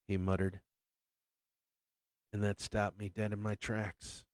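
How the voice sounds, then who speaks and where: Man slowly reading his own story. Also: on the low side, monotone, a little mellow, no echo. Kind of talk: first-person memoir-style story reading.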